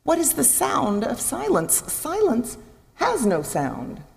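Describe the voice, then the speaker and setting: Woman preaching, pretty high voice, lively ups and downs, long echo in a big church. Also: slow pace, creaky. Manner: expressive, acts out voices, asks the listeners questions. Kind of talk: sermon. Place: church sanctuary. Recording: long reverb in a large hall.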